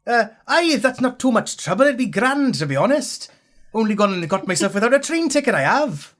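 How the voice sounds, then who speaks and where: A man's voice: very high-pitched, sing-song, fairly quick, fairly bright tone, voice pushed up, full character voice. A man voicing an older male Welsh merchant seaman, scruffy and chatty, with a put-on Welsh accent and folksy, old-fashioned phrasing. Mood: grateful.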